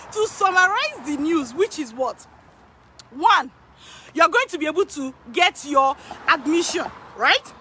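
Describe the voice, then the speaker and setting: A woman working as an immigration consultant, talking excitedly to her viewers, repeating phrases for emphasis and laughing often. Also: high voice, a little hiss or hum. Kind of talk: excited direct-to-camera talk. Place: in Canada.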